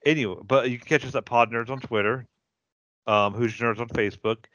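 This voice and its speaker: A man's voice: mid-range voice, fairly even intonation, fairly quick, a bit bright, no echo. A man hosting a casual podcast, easygoing as he chats and wraps up the show. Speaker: podcast host. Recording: dull lo-fi dry audio.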